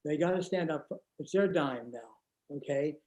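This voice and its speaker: A man on a panel talking bluntly and heatedly in rapid bursts. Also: on the high side, dark tone. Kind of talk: panel discussion.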